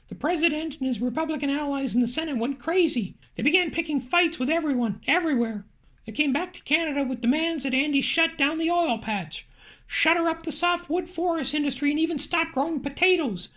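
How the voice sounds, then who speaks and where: Wry, high-voiced woman narrating. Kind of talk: audiobook narration.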